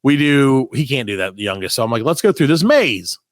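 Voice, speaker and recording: Profane storytelling dad, dry close sound. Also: male voice, medium pitch, a little fast, dry recording. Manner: profane, animated anecdote-telling with quoted voices. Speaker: podcast co-host. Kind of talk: casual comedic storytelling.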